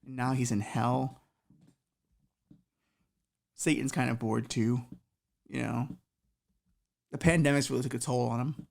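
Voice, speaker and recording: A woman's voice: a bass voice, fairly even intonation, unhurried, gravelly, long pauses, a little mellow. A woman hosting a comedy podcast, telling a crude improvised story in a rambling way. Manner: rambling, filler-heavy, crude.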